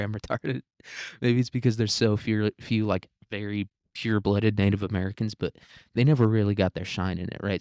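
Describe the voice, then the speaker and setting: Crude, sarcastic low-voiced man. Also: a little mellow, no echo, studio quality. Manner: crude, sarcastic and rambling, with frequent chuckles. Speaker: podcast host. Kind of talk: solo comedic rant.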